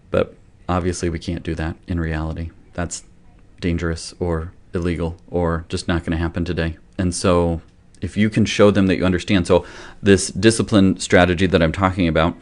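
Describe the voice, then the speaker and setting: A man with a notably low voice talks parents through a discipline approach as a pediatrician. His delivery is casual and gentle, explaining step by step and correcting himself mid-thought in an easy, unscripted way. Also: flat delivery, normal speed. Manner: conversational, gentle, loosely self-correcting. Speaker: pediatrician giving parenting advice. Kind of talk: casual explanatory talk to camera.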